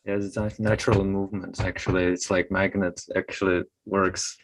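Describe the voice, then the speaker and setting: A man taking part in a class, chatting in a casual, halting way. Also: low voice, flat delivery, slight background noise, poor audio. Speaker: class participant.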